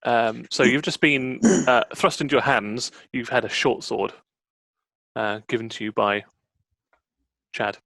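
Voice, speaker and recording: A relaxed, chatty man guides his players through a tabletop adventure as dungeon master. His voice sits at a middle pitch, and the recording is dry and close, with no room echo. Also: unhurried, creaky, long pauses. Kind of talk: running a tabletop game.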